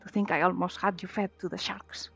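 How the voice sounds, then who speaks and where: A woman voicing a brash, foul-mouthed female pirate captain from a video game, with a gruff put-on pirate accent and rolled R's. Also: lowish voice, fairly even intonation, fairly quick, lo-fi sound, soft background music. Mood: gloating. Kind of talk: reading game dialogue aloud in voices.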